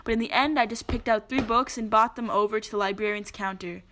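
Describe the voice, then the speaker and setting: A young woman chatting with friends and reading riddles aloud, loud and giggly, swearing often. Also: a little high, steady tone, quick pace, a little hiss or hum.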